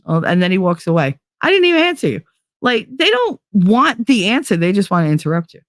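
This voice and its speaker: A middle-aged woman hosting a live show, chatting casually in a blunt, profane, animated way. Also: medium pitch, brisk, dry recording, clean studio sound. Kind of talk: casual chat on a live stream.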